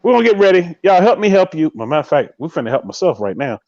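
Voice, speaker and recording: A man's voice: a little high, sing-song, fast talker, a little mellow, no room sound, muffled recording. A man hosting a live podcast in a casual chat, speaking emphatically and straight to his viewers, and often repeating his catchphrases. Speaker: podcast host.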